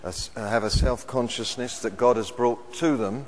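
A middle-aged man preaching a sermon, measured and emphatic, repeating his key phrases. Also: mid-range voice, a little hiss or hum. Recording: long hall reverb.

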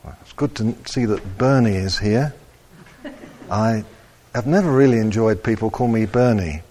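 A man preaching a sermon, slow and animated, rising to loud emphatic peaks. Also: lowish voice, slight background noise.

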